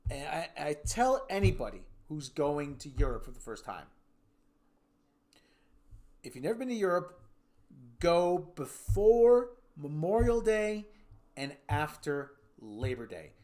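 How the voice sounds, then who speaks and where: A man's voice: a little high, big pitch swings, moderate pace, pauses often. An American man hosting a livestream, chatting casually and reading viewer comments, rambling with restarts and putting on silly voices. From United States. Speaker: livestream host.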